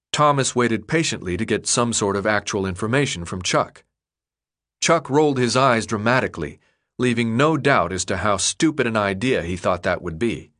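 A fairly low-pitched man reads scripted audiobook narration. He takes an unhurried, expressive storytelling approach.

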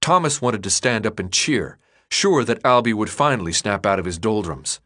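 A man reading an audiobook in scripted narration with a steady, even delivery. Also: lowish voice, normal speed.

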